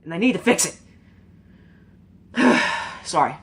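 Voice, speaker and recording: A YouTube commentator gives her viewers a casual, emotional opinion monologue that rambles earnestly, sprinkled with fillers and mild swearing. Her voice is fairly low, expressive, and slow, with a breathy edge.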